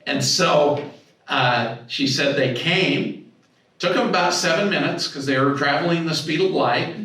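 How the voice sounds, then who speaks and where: A man's voice: on the high side, unhurried, recorded from a distance. Man telling a story in an echoey hall. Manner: animated anecdote-telling, acts out dialogue with raised voice. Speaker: speaker at a symposium. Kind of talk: storytelling talk. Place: hotel conference room.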